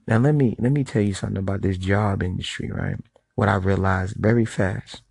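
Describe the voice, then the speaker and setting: A man's voice: low voice, big pitch swings, brisk, gravelly, darkish tone, breathy edge, dry recording. A middle-aged man giving a blunt, profane monologue to camera, telling street stories. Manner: storytelling. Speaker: vlogger.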